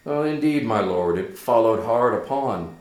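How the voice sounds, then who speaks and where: A man voicing a loyal, earnest young friend who reports in a halting, careful way. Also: medium pitch, lively intonation, a little mellow, voice pushed up, lightly acted. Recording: echoey room.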